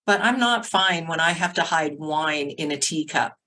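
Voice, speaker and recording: A middle-aged woman, a sobriety coach, telling her story as a podcast guest in a lively way, acting out the voices of others and filling her talk with "like". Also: low-pitched, normal speed, poor audio. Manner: animated, acts out quotes, many "like" fillers. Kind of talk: casual storytelling interview.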